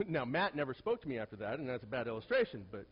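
A male pastor preaching to a congregation and telling personal stories, swinging from hushed asides to loud, animated bursts. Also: mid-range voice, quick pace, slightly rough, dull audio. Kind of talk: sermon with personal storytelling.

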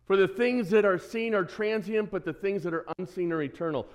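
A man preaching a sermon as pastor, lively and conversational, who quizzes the congregation and throws in joking asides. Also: sits high, fairly quick, hardly any pauses. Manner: lively, asks the congregation questions, self-deprecating asides.

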